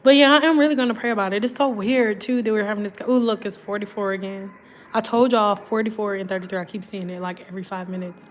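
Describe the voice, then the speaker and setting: A woman's voice: mid-range voice, steady tone, fast talker. A woman, chatting casually on a livestream and often saying "girl" and "y'all". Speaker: livestream host.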